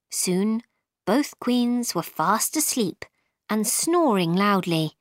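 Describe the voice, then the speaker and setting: A woman narrating a storybook in a clear, deliberate reading. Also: mid-range voice, expressive, dry recording, studio quality.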